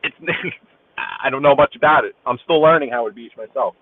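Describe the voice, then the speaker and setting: A Brooklyn man with a New York accent rambles casually to his live-stream viewers while driving. His mid-range voice moves at normal speed with no room sound. The talkative, chatty audio from inside the car sounds tinny, like a phone.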